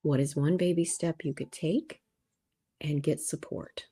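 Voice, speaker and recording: A woman guest on a podcast, calm and reflective, who turns lively when she tells stories. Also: low voice, unhurried, slightly rough. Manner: calm and reflective, turning animated while telling stories. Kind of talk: casual interview chat.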